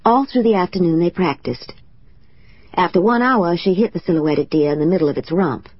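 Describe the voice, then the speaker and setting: A woman reads a novel aloud in the first person, with a low, husky, slightly breathy voice. Her delivery is measured and emotional. The recording is dry and somewhat dull. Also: no room sound. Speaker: audiobook narrator. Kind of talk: first-person audiobook narration.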